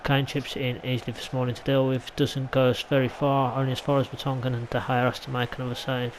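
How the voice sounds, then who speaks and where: An English gaming YouTuber talks at a quick pace in a mid-range voice with little pitch movement. He chats through his own football video game play, rambling into mild side remarks, on poor audio with slight background noise.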